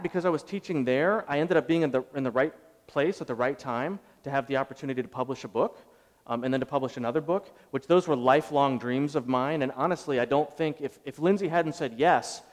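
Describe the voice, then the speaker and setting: A man in his thirties preaching a sermon, telling a personal story in a conversational way with joking asides. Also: a little high. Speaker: pastor. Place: large hall with audience. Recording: roomy echoey hall, mic far off.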